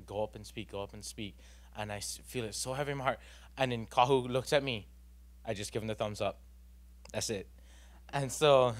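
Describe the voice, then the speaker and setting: A young man, giving an earnest, rambling personal testimony at a church youth gathering, full of fillers and restarts. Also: mid-range voice.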